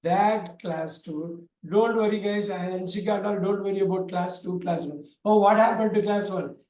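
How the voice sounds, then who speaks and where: Loud teacher, high voice. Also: male voice, moderate pace, dull audio, a little hiss or hum. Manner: loud, repetitive explaining with many fillers. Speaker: English teacher. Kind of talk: online class lecture. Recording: echoey room.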